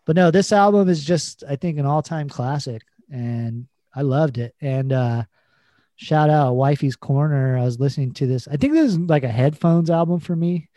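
This co-host's voice sits fairly high and sounds warm and animated, moving at a moderate pace with no echo. Telling stories in relaxed podcast banter, he swears, laughs, and scatters "like" and "you know" everywhere.

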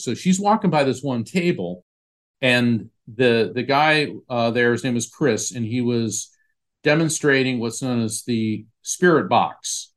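A man, an author being interviewed, telling a personal story in an earnest, emotional way with frequent restarts. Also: mid-range voice. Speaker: author and podcast guest.

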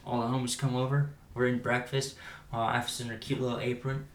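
A man's voice: mid-range voice, flat delivery, a little fast. A young man co-hosting a podcast, telling a rambling daydream story in a laughing, casual way. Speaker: podcast co-host. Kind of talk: casual chat. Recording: roomy with faint noise.

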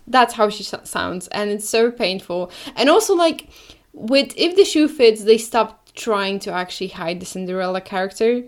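A young woman co-hosting a podcast, chatting casually and sarcastically, with animated delivery and mocking impressions. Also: mid-range voice, normal speed. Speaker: podcast co-host. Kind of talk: casual chat.

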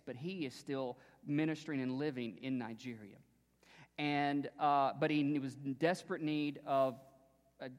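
A man preaching a sermon as pastor, moving from relaxed storytelling to emphatic preaching and dropping to a hushed near-whisper on key phrases. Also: on the high side, in a large hall.

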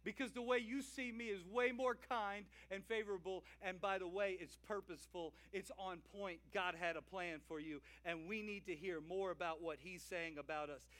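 Cajun pastor, high voice, lively call-and-response preaching. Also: male voice, normal speed, hardly any pauses. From Louisiana. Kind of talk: sermon. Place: church.

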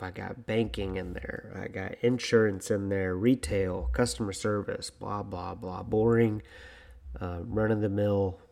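A young man with a low, dark voice hosts a solo podcast. His delivery is flat and gravelly, and he rambles along in a casual, self-deprecating way. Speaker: podcast host.

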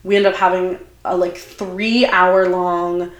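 A young woman telling a long personal story in casual chat, animated and full of fillers and quoted asides. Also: lowish voice, slow. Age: young adult. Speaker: podcast guest. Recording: roomy echo.

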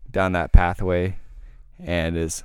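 A deep-voiced young man tells a ghost story to his friends in a loose, rambling, profane way. His voice is smooth and sits close to a dry mic. He goes hushed when the story turns eerie. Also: level tone, slow, dry recording. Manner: rambling, heavy swearing, hushed when telling the eerie part. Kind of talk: casual storytelling.

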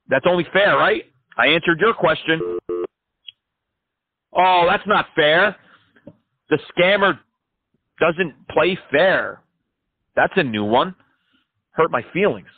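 A man's voice: a little high, animated, takes it slowly, pauses often, phone-quality sound. A man prank-calling scammers, taunting and cursing them with sarcastic jabs. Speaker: scam-baiting host.

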